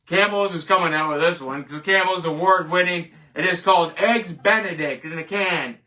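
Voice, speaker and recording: Heard from a distance off the mic, a Canadian man with a high-pitched, sharp voice hosts a casual rant show at normal speed. He rambles, presses his points emphatically, and scoffs at each verdict.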